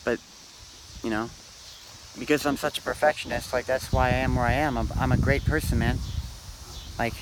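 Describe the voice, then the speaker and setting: A man rambling through a meandering, philosophizing monologue to camera, pausing often and tagging lines with "man" and "dude". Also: mid-range voice, steady tone, heavy background noise. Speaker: vlogger.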